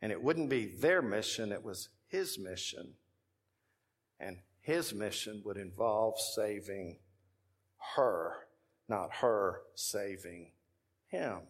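A man's voice: lowish voice, lively intonation, slow, slightly rough, big-room sound. A man with a Texan accent preaching a sermon as pastor, telling stories in a conversational way and building to emphatic points. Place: church sanctuary.

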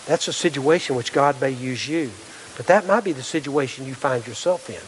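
A man's voice: mid-range voice, moderate pace, slight background noise. Middle-aged guy preaching, earnest, keeps asking the crowd questions, voice rings around a big hall. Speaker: pastor. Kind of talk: sermon. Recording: long hall reverb.

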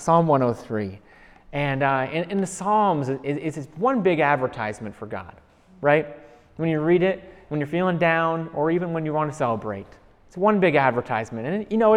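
A man giving a heartfelt personal sermon, speaking earnestly with frequent restarts and slowing down to read scripture aloud. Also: medium pitch, long reverb tail. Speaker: preacher.

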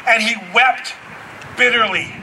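A middle-aged man preaching a storytelling sermon as pastor, animated and acting out the voices in his stories. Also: extremely high pitch, unhurried, distant mic, noisy background.

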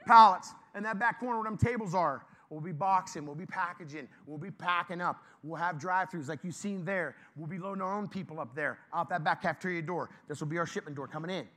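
A male pastor giving an informal, lively sermon and joking with his congregation. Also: high voice, fast, few pauses.

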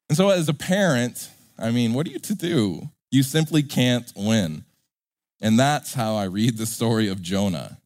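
A pastor preaching a sermon in an animated, joking way, acting out characters. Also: male voice, medium pitch, moderate pace, no echo, studio quality.

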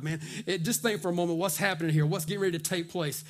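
A pastor preaching a sermon in a church, fervent and folksy, calling out "come on" and dropping to a slow hush for scripture. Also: male voice, sits high, steady tone. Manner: fervent preaching, swings from loud urging to hushed slow scripture reading; folksy, says "man" and "come on".

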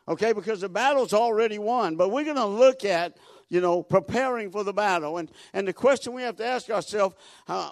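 A man preaching a folksy sermon, repeating words as he builds toward loud, emphatic peaks. His voice sits fairly high. The sound is dry and close, with little room echo. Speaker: guest preacher.

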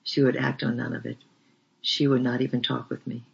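Gravelly, husky man reading a memoir. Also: mid-range voice, little pitch movement, fairly quick. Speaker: audiobook reader. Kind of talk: storybook narration of a memoir. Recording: dull lo-fi recording.

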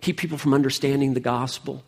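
Husky-voiced preaching pastor. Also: male voice, medium pitch, fairly even intonation, fast, a little mellow. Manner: emphatic, rising and falling preaching delivery. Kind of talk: sermon.

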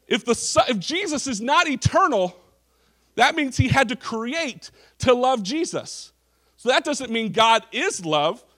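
A man's voice: very high-pitched, fairly bright tone. A male pastor preaching a sermon in a church service, emphatic, with frequent restarts and repeated phrases.

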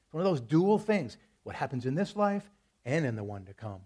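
Male pastor, husky voice, mid pitch, conversational storytelling sermon. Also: sing-song, a little fast, a little mellow. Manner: conversational preaching, storytelling with scripture quotes. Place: church service.

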